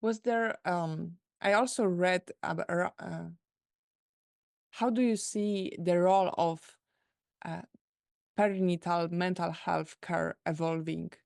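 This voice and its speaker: A woman host with a Polish accent, asking questions in a halting way as she searches for words. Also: fairly low pitch, fairly even intonation, vocal fry, a little mellow, no room sound, clean studio sound. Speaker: interview host. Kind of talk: conversational interview.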